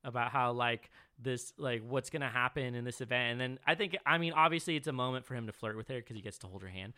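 A man co-hosting a casual podcast chat, retelling scenes in an animated way and swearing casually. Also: medium pitch, fast. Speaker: podcast co-host.

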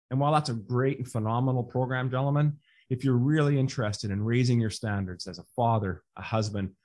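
A Canadian man with a medium-pitched, darkish voice hosts a podcast, handling the intro and an interview. He fires up his listeners and calls them brothers.

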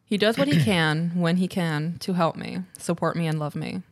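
A woman co-hosting a casual podcast, reading listener letters aloud, animated and stumbling over words now and then. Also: on the low side, normal speed. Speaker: podcast co-host.

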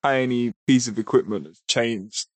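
A man's voice: medium pitch, normal speed, no echo. A man co-hosting a podcast, easygoing and teasing, chatting in casual slang. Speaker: podcast co-host.

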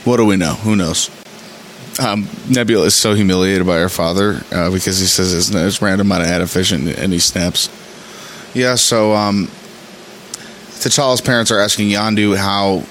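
A man hosting his podcast, talking casually and excitedly about an episode, rambling with frequent laughs while saying he is tired. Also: lowish voice, slight background noise, poor audio. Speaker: podcast host. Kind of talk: casual episode reaction commentary.

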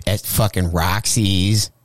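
A man's voice: deep voice, takes it slowly, no room sound, studio quality. A young adult man telling a story in casual chat, swearing freely and acting out the lines of the people in it. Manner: profane, animated storyteller acting out quotes. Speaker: comedian guest. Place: radio studio.

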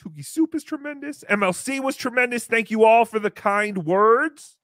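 A man voicing a brash, crude male turkey puppet as host of a comedy stream, in a squeaky, excitable voice. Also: moderate pace, no echo, clean studio sound. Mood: excited. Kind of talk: live comedy stream banter.

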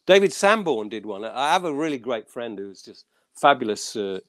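A man, a session musician guest, telling animated stories with many stammered restarts. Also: medium pitch, moderate pace, no echo. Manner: animated storyteller, acts out quoted voices. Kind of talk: casual anecdote telling.

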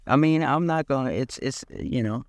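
A man's voice: medium pitch, normal speed, dry recording, lo-fi sound. Emphatic man in casual sports talk. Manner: emphatic, repeats key words, restarts often. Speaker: podcast co-host.

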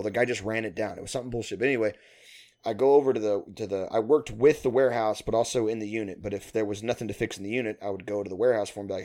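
A man's voice: lowish voice, darkish tone. A man talking casually with a friend, telling a long, rambling work story. He swears freely and piles on fillers and restarts. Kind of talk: casual chat.

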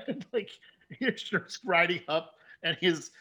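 A man running a tabletop game as game master, narrating haltingly with frequent laughs. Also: high-pitched, animated, sharp tone, husky. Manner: halting, laughs often, many fillers.

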